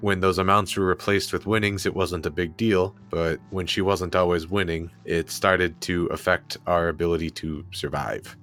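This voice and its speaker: A calm, businesslike corporate fixer, played by a man who dodges questions. His voice sits very low and deep, and he speaks in measured terms. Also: faint music behind. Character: guarded male corporate fixer hiring the team.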